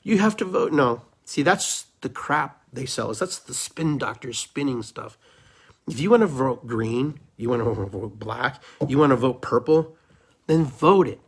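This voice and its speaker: A middle-aged man's mid-range voice, creaky with a breathy edge, carries a somewhat slow, impassioned solo podcast monologue. As host, he speaks fervently and preachily, repeating phrases to stress them.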